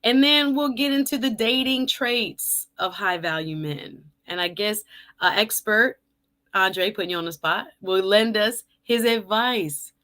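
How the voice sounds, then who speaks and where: Bright-voiced chatty woman host. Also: mid-range voice, measured pace. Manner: chatty, laughs often, addresses viewers as y'all. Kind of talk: casual live-stream chat.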